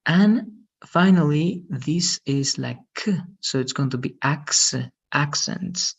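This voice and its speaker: A man's voice: a little high, animated, takes it slowly, creaky, muffled recording. A man teaching an online English lesson, patiently explaining and often checking with "right?". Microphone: video call.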